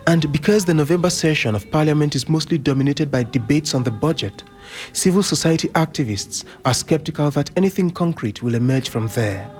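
A man's voice: a little high, animated, a little mellow, faint music behind. Man filing a scripted news report. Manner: measured reportorial narration.

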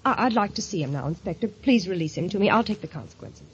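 A woman's voice: lowish voice, expressive, quick pace, a little hiss or hum, lightly acted. A woman playing an impassioned wife on old radio. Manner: emotional, pleading, insistent. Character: devoted, stubborn young wife. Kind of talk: 1940s radio acting. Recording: dull lo-fi old radio recording.

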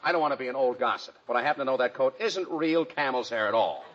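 A man hosting a 1940s radio comedy show, boastful and wisecracking with quick comebacks. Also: medium pitch, lively intonation, a bit bright. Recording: dull old radio broadcast with hiss.

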